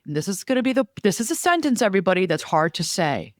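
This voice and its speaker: A woman talking through family conflict advice in a lively voice that swings up and down. She acts out quoted lines as she goes, and her voice sounds close and dry with no room echo. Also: mid-range voice, quick pace. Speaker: podcast co-host. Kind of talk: casual advice conversation.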